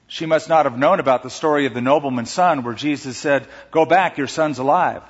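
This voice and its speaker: Male pastor, fairly high and husky, animated sermon delivery; dull recording with long church reverb. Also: brisk. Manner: animated, acts out the sisters' words with rising pitch and emphasis.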